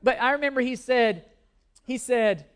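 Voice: medium pitch, moderate pace. A pastor preaching a sermon in an emphatic way, repeating key words for stress, with self-deprecating humor.

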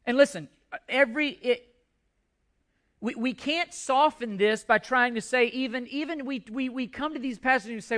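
High, bright-voiced male preacher. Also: normal speed. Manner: emphatic preaching with repetitions and restarts. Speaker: pastor. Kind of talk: sermon.

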